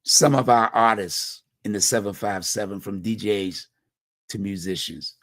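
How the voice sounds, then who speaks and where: A lowish, fairly bright voice at a measured pace belongs to a middle-aged man from Hampton Roads, Virginia, who hosts a community talk show. Bluntly, in a repetitive and slangy conversational way, he delivers a personal monologue on community violence, captured in studio quality without echo.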